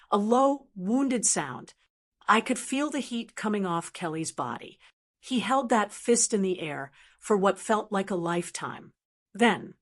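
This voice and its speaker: A woman reading a first-person story aloud in a tense, dramatic narrating manner. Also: mid-range voice.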